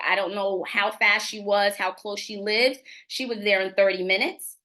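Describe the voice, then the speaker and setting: A woman community advocate telling a personal story on a live webinar, animated and indignant, acting out the exchanges she quotes. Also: mid-range voice, normal speed, few pauses.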